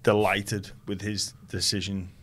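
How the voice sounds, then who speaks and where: A man's voice: fairly low pitch, little pitch movement, measured pace, fairly bright tone. A man hosting a sports podcast interview, talking bluntly and reflectively, swearing casually. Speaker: podcast host, former player.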